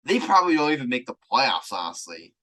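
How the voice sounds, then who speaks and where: A man hosting a casual sports podcast, arguing his points quickly and with energy. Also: medium pitch. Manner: quick, argumentative, animated. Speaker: podcast host.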